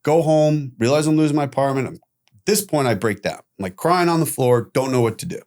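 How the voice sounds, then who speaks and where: Blunt, animated middle-aged man. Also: medium pitch, brisk. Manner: blunt, animated, swearing freely. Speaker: guest. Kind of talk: candid personal storytelling.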